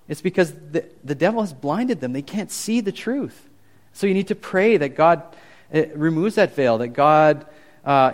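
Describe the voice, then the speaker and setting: A young man giving a casual, animated youth sermon, talking conversationally with frequent restarts. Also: a little high. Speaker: youth pastor.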